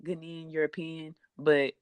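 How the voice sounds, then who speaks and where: A young American woman hosting a podcast, telling stories in an animated, gushing, chatty way. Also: deep voice, unhurried, clear, resonant tone, no echo. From United States. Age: young adult. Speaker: podcast host. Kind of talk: casual podcast chat.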